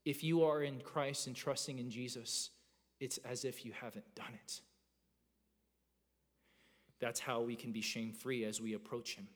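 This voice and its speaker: A man in his thirties preaching a sermon as a pastor, earnest and animated, often restarting his phrases. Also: medium pitch, measured pace, long pauses. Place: church sanctuary. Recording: long reverb of a church hall.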